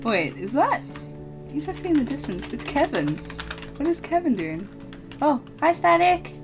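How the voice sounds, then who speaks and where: A woman's voice: high-pitched, very animated, moderate pace, music in the background. Giggly young-sounding woman, playful. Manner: giggly, playful, often laughing mid-sentence. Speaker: lead voice actor and player. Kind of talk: casual Minecraft role-play chatter.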